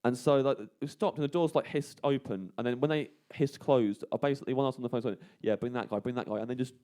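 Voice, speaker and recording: A man telling a long, rambling story in a studio, his voice mid-pitched and unforced. The room around him is quiet. He drops lower and softer when he quotes others. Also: fast. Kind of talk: casual radio chat, anecdote. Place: radio studio. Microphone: studio microphone.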